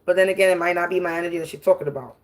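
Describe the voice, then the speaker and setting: Racing through her words in a lowish voice, a woman hosting a spiritual livestream rants profanely and confrontationally. She repeats herself and scatters laughs into the middle of her sentences.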